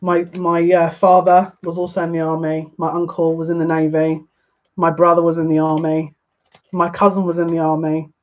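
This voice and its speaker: A woman's voice: lowish voice, flat delivery, normal speed, darkish tone, muffled recording. A woman giving a live-stream tarot reading, chatty and emotional, talking back to viewer comments. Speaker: psychic reader.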